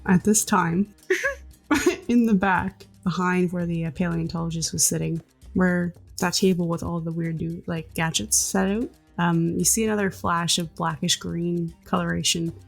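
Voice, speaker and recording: Woman game master, gravelly, lowish voice, casual narration. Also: steady tone, normal speed, faint music behind. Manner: casual, filler-laden narration.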